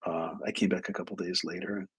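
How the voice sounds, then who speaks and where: A middle-aged man hosting a live advice stream, telling a story from his clinical work with animated asides. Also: low voice, fast, husky. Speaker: host, clinician.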